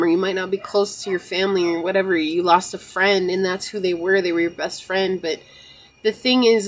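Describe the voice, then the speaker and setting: A tarot channel host speaks earnestly and emotionally to her viewers about personal matters, sometimes near tears, repeating phrases and often saying "you know." Her voice is mid-range, with the highs cut off.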